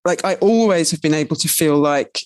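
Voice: medium pitch, fairly quick, no echo. Guest, mid-range voice, chatty and candid, dry close recording. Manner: expressive, chatty, full of "like" and asides. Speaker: guest, writer and cook. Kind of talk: candid conversational interview.

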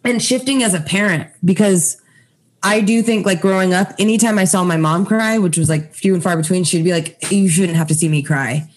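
A woman's voice: mid-range voice, a little fast. A woman in her thirties, a mother and co-host, giving advice in casual chat and laughing often. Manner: warm-hearted, advising, laughs often.

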